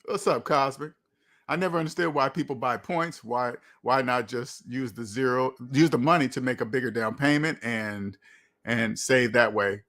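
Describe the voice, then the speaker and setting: A man hosting a livestream, answering viewers' comments in an emphatic way, slowing down to stress his points. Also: medium pitch, a bit bright. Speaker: livestream host. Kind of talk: live chat reading comments.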